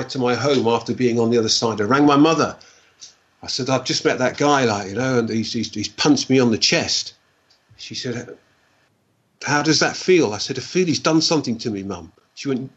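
A man tells a personal story in conversation, often stumbling and repeating himself. His voice is husky and sits at an ordinary pitch. The recording sounds dull and lo-fi. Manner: halting, repeats words, fillers like "like, you know". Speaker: guest.

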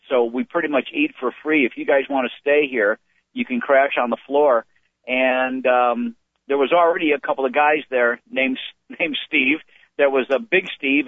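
A man's voice: medium pitch, no room sound. A man in his fifties, a stand-up comedian, telling stories from his life in an interview and acting out the voices of people he quotes. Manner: animated storyteller, acts out quoted voices. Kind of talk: storytelling in an interview. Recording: phone-like dry sound.

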